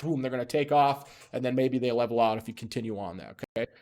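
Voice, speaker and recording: A man's voice: mid-range voice, fast, darkish tone. Guy running a casual lesson, punchy and joking, keeps going "okay?". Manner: emphatic, often checks in with "okay?". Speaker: instructor.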